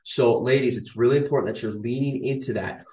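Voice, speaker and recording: A man in his thirties, a fitness coach, talks casually to camera about strength training, driving his key points home by repeating them. His medium-pitched voice is dark and brisk, coming from a distance in an echoey room.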